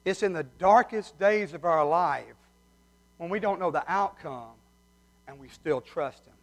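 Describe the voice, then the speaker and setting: A man preaching a sermon, folksy and heartfelt as he tells stories. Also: high voice. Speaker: pastor. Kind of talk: sermon with humorous story.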